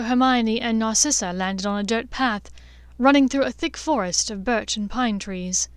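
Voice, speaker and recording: A woman narrating a fan fiction audiobook in a clear, steady storytelling voice. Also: on the high side, no echo.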